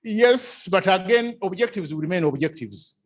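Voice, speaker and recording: Expressive and high-pitched, a man speaks at normal speed while lecturing in a seminar room. He keeps repeating key phrases and throwing out rhetorical questions, with plenty of chuckles along the way.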